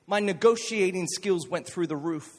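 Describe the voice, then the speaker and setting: A man preaching a jokey, energetic youth sermon to a live audience in a church hall, calling on listeners to respond. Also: high-pitched, normal speed. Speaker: youth pastor. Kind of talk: youth sermon with jokes and stories.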